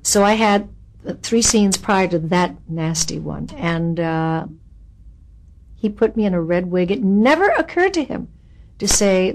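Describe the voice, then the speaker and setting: A woman's voice: medium pitch, a little slow. Candid older woman reminiscing. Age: 70s. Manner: candid and wry, with lively asides. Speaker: actress interviewed about her career. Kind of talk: reminiscing interview.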